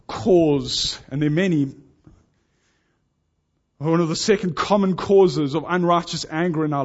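A man preaching a sermon to his congregation, earnest and urging, pressing his points with rising intensity. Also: mid-range voice. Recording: dull lo-fi sound.

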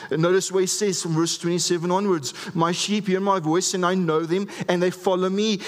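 A man's voice: sits high, in a large hall. A man preaching a sermon as a pastor, earnest and emphatic, often restarting his words.

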